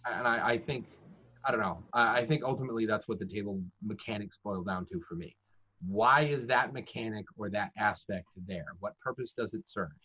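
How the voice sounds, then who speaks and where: A man's voice: on the low side, fairly quick, bright, forceful tone, breathy edge. A man who works as a professional dungeon master, giving casual, chatty, self-deprecating advice in conversation. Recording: dull lo-fi audio.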